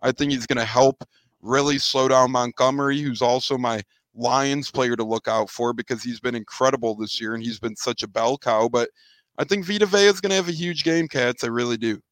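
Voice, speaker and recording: Man, podcast co-host, mid-pitched, upbeat, measured, casual sports chat, dry close mic. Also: a bit bright, dry recording. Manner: upbeat, measured, builds on his co-host's points.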